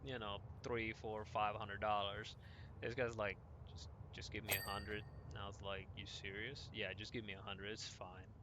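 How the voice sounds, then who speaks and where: A young adult man telling a long casual story while playing a game, animated, with many fillers and self-corrections. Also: mid-range voice, a little hiss or hum. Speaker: gaming podcast host.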